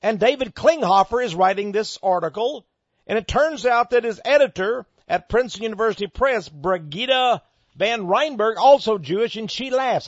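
A man giving an emphatic monologue, reading an article aloud and commenting on it, with sudden loud stresses. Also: high-pitched, animated, moderate pace, no room sound, muffled recording.

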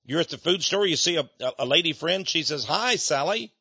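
An older man preaches in a chatty, folksy style, laughing often and acting out little conversations in quoted voices. His voice is on the high side, fast, pushed, and bright with a breathy edge. The recording is dull, dry, and lo-fi.

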